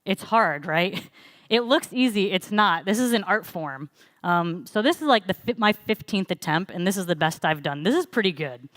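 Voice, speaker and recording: A young woman giving a casual church sermon, telling a story in a chatty, relaxed way with light laughs and fillers. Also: on the low side, moderate pace, no room sound. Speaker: church speaker.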